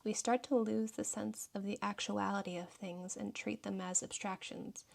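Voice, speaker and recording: Thoughtful woman with a gravelly edge. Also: mid-range voice, fairly even intonation, normal speed. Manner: thoughtful, reflective, reads quotes aloud. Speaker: journaling YouTuber. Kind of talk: casual journal flip-through narration.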